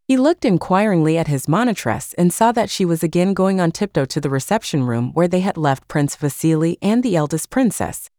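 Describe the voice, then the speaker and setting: A woman narrates a classic novel as an audiobook, measured and expressive. Her voice is lowish, and the sound is clean studio quality with no echo.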